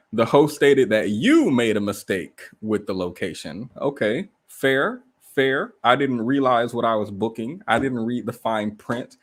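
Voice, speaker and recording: A man hosting a casual livestream from a rented room indoors, telling stories in an animated way and firing off rhetorical questions. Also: medium pitch. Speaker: livestream host.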